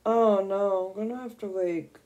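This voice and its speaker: A young woman streaming a video game, gushing and excitable as she squeals over new items. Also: medium pitch, normal speed, highs cut off. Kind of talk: casual gameplay commentary.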